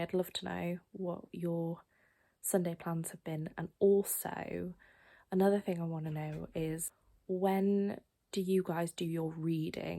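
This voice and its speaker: A young woman from England chatting casually to camera at home at night, often dropping to a soft whisper. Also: on the low side, gravelly. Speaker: vlogger.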